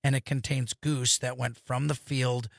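A man's voice: medium pitch, flat delivery, unhurried, creaky, no room sound. A male radio host in a studio, chatting enthusiastically and rambling through stories. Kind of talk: casual radio chat.

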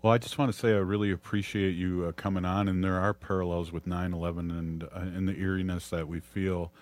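Host, male, low voice, Minnesotan accent, hesitant and reflective. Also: level tone, darkish tone. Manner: halting, with many pauses and fillers. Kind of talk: reflective podcast conversation.

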